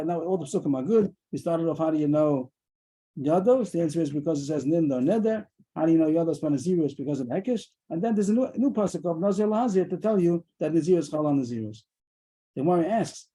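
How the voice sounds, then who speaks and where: A man teaching a daily Talmud class over a video call, explaining quickly and mixing in Aramaic terms. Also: fairly high pitch, warm tone, rough recording.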